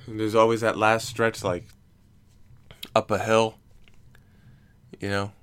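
A man's voice: lowish voice, level tone, takes it slowly, fairly bright tone, smooth. A young man hosting a casual recorded chat, rambling and teasing with jokes. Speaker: podcast host.

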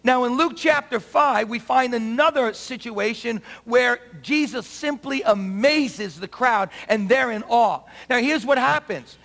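A pastor delivers an animated sermon in a strikingly high, gravelly man's voice, calling out for the congregation to repeat after him. His words ring out with long reverb in a church sanctuary. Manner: animated preaching with call-and-response to the congregation. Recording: long reverb of a large hall.

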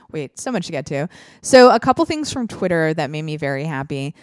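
A woman's voice: low-pitched, very animated, moderate pace, a little mellow, no room sound, clean studio sound. A woman hosting a podcast in casual chat, talking freely with frequent laughs and fillers. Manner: chatty, laughs often, lots of fillers. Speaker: podcast host.

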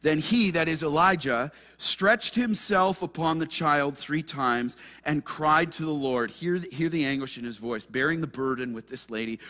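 Male pastor, impassioned sermon delivery, high bright voice, hushed to fervent. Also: moderate pace, few pauses. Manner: impassioned preaching, swings between hushed and loud.

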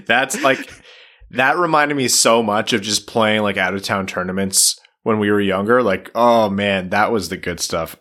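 A man's voice: lowish voice, normal speed, pushed and bright. A man hosting a hockey podcast, chatting casually and joking, also reading a sponsor segment. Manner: joking, easygoing. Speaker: podcast host. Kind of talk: casual chat and sponsor read.

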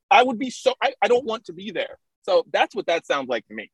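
A man co-hosting a podcast over a video call, chatting casually and animated, joking and acting out what others might say. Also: sits high, slightly rough, dry recording, rough recording. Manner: animated, joking, playacts others in quick asides. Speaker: podcast co-host. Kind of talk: casual chat.

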